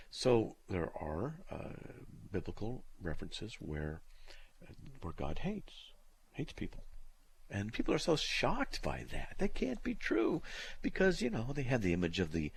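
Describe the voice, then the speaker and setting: A middle-aged man with a low, husky voice hosts a live call-in radio show. He talks bluntly and plainly, and his dry humor gives his speech a lively rise and fall in pitch. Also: unhurried. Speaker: radio host answering listener questions.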